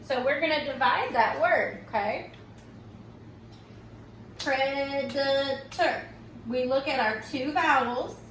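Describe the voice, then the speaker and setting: A high-voiced woman teaches reading at an unhurried pace, pausing often to ask "okay?". Her voice sounds set back from the microphone in a room with noticeable echo. A faint background hum sits under her speech. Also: fairly bright tone. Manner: slow and patient, checks in with "okay?". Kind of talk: recorded phonics tutorial. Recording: echoey room, mic at a distance.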